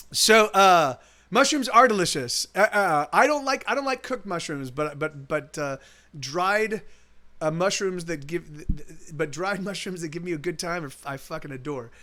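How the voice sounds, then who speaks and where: A man's voice: on the high side, moderate pace, sharp tone. A male musician streaming live, telling a rambling, casual story full of restarts and swearing, with faint guitar behind.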